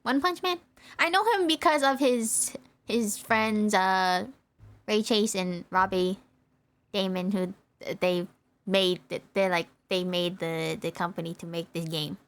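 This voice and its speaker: A woman's voice: medium pitch, fairly even intonation, a little slow, fairly bright tone. A young woman streamer giving playful, rambling commentary as she plays a game, often breaking into giggles. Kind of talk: casual gaming commentary.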